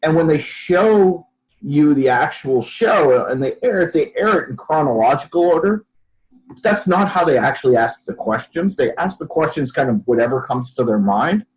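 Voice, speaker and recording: A man's voice: a little high, normal speed, rough recording. A man telling a story as a podcast guest, acting out other people's lines as he goes. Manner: animated storyteller, acts out quotes. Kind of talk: storytelling in a casual interview.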